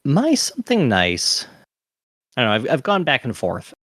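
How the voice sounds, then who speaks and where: A man's voice: mid-range voice, huge pitch swings, normal speed, fairly bright tone, no room sound. A man hosts a casual podcast in an earnest voice that rises and falls a lot. His sound is dry and close, with no room around it. He often restarts his sentences as he talks. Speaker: podcast host.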